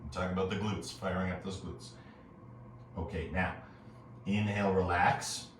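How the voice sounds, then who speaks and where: A man teaching a yoga class, calmly cueing breaths and movements with casual asides. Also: low-pitched, moderate pace, recorded from a distance, slight background noise. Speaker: yoga instructor. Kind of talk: guided yoga class instruction. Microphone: earbuds. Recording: very echoey room, voice off-mic.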